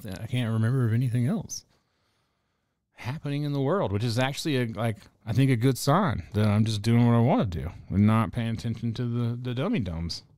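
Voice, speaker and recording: A man's voice: on the low side, mellow, dry recording, clean studio sound. A man hosting a podcast in casual, rambling chat, swearing often and slipping into heated rants. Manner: profane, rambling, ranting. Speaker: podcast host.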